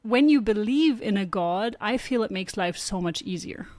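A woman's voice: mid-range voice, lively intonation, moderate pace, a little mellow, dry recording, clean studio sound. A woman co-hosting a podcast, explaining ideas thoughtfully in a casual chat and laughing easily. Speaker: podcast co-host.

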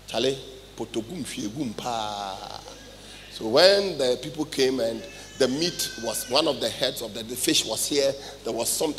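Ghanaian preacher guy, bright edgy voice, goes loud then hushed, echoey church hall. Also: medium pitch, a little hiss or hum. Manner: animated preaching that swings between loud and hushed. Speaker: pastor. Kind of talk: sermon. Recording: live church recording with long reverb.

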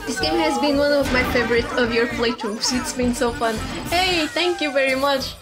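Excitable high-voiced woman streaming a game. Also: normal speed, a loud crowd. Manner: excitable, swears and laughs often. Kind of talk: casual gaming stream commentary. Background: game music.

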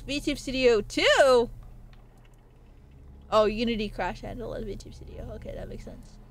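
A woman streaming a game live, chatting and rambling jokily to her chat as she plays. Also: a little high. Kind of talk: live gameplay commentary.

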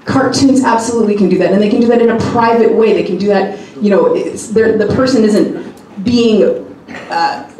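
A woman's voice: mid-range voice, darkish tone, a little hiss or hum. Chatty woman on an echoey panel. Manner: chatty, laughs often, restarts phrases. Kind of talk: live panel discussion. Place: convention panel room. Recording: echoey hall, mic far off.

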